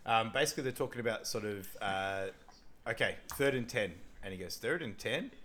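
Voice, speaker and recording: A man's voice: fairly low pitch, fairly quick, a bit bright, a little hiss or hum. A man co-hosting a podcast, casually recapping a movie, rambling and laughing often as he acts out lines. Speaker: podcast co-host. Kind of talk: casual film recap chat.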